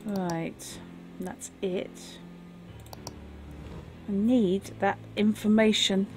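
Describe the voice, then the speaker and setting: A woman's voice: medium pitch, steady tone, extremely slow, over music. A woman streaming a game, chatting casually and wryly over the gameplay. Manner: wry and chatty. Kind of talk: casual live game commentary.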